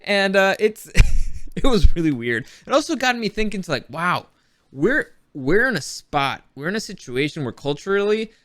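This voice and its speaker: A young man tells a story in a casual, animated way, laughing often and acting out what he said. His voice sits a bit high and jumps around when he gets excited. The sound is close and dry. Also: moderate pace, no room sound. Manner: animated, laughs often, acts out his own quoted lines. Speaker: vlogger.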